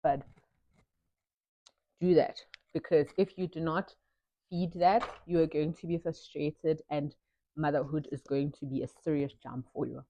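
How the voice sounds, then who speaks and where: Doing her makeup, a South African mother chats about motherhood in a deep, dark voice with a steady tone at a slightly slow pace. She blends English with local-language phrases in this get-ready-with-me vlog, recorded with no echo.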